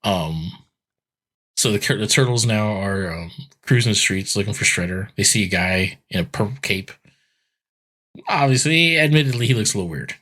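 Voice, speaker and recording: Husky low-voiced man recapping casually. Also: lively intonation, normal speed, pushed and bright. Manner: rambling, filler-heavy retelling with acted quotes. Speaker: podcast co-host.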